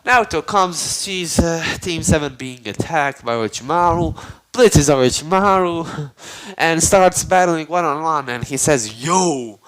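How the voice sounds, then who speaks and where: A man's voice: on the high side, expressive, unhurried, fairly bright tone, smooth, rough recording. A man casually retelling a fan-made story, rambling, cursing and full of slang and fillers.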